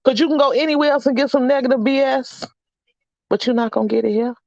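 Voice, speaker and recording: A woman's voice: high-pitched, fast talker, darkish tone, dry recording, muffled recording. A middle-aged woman hosting a casual livestream chat, upbeat and encouraging as she reads out names from the chat. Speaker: livestream host.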